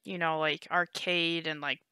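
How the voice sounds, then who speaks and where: A young woman co-hosting a gaming podcast in casual chat, animated and chatty, saying "like" often. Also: sits low, smooth, dry recording. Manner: animated, heavy use of "like", quick laughs. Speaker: podcast co-host.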